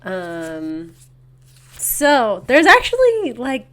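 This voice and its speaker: A woman co-hosting a book podcast in casual chat, quickly quoting characters' lines as she talks. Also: a little high, wildly swooping pitch. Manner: chatty, acts out characters' lines in quotes. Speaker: podcast co-host.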